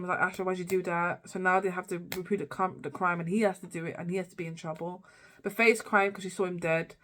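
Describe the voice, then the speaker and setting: A woman's voice: medium pitch, slight background noise. A young woman vlogger recapping a TV season in a rambling, casual way, with many fillers and restarts. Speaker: TV review vlogger.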